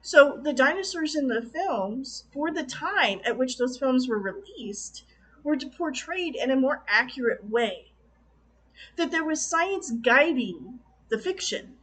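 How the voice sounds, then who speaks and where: High-voiced woman giving a passionate review. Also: lively intonation, fairly bright tone, slightly rough. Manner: passionate, exclamatory, quick to laugh. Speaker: film reviewer. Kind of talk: casual video review.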